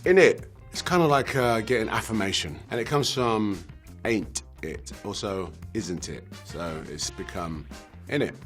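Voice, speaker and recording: A man with a British accent casually explaining slang to camera, relaxed and chuckling, with drawn-out explanations. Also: fairly low pitch, soft background music. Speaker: slang explainer in a video clip.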